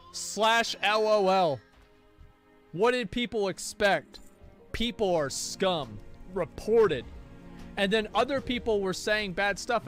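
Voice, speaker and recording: A man with a high voice telling a gaming story in a loose, casual way. He swears freely and slips into the voices of the people he quotes. Soft music plays faintly behind him. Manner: profane, animated, acts out the people he quotes. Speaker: gaming streamer.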